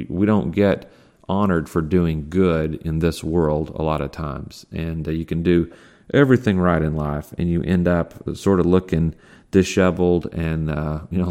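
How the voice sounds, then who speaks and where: A man preaching a sermon in a conversational way, full of fillers and restarts, slowing down when he reads scripture. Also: sits low, a little mellow. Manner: slows down to read scripture. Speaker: pastor.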